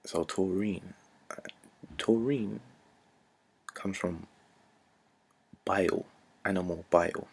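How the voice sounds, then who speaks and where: Young man, very deep voice, gravelly, husky, earnest unscripted rant, slips into near-whispers. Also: fairly even intonation, takes it slowly, long pauses. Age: 20s. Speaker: vlogger.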